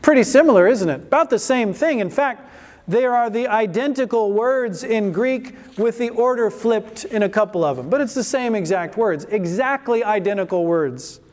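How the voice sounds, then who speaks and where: A man with an unusually high voice delivers a sermon from the pulpit. He presses the congregation with question after question, climbing in emphasis. The sound rings with the long reverb of a church hall. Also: animated, normal speed, darkish tone. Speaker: pastor.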